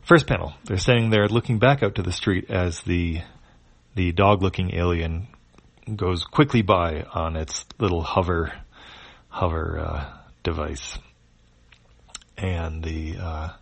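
Deep-voiced man, unhurried comic panel describer. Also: fairly even intonation, gravelly, no echo. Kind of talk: descriptive read-aloud.

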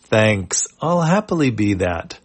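A man voicing a dopey, sauntering male comic character with a slow, goofy, drawn-out delivery. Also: fairly low pitch, very animated, husky, heavily acted. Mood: dopey, cheerful.

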